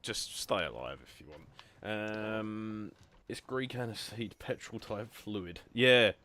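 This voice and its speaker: A man's voice: fairly low pitch, slow, bright, forceful tone. A young man hosting a gaming video, chatting casually and self-deprecatingly with lots of ums. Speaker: gaming channel host. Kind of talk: casual gameplay chat.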